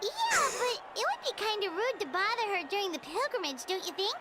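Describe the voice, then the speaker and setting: A woman voicing a tiny floating fairy companion who chatters in a squeaky, childlike, nervous way. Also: sing-song, fairly quick, heavy background noise. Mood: wary. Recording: game audio with loud music.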